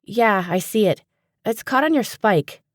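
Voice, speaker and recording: A woman voicing an exasperated, quick-tempered young woman who is a librarian. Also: medium pitch, animated, dry recording, studio quality, voice pushed up, natural voice. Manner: exasperated, snappy.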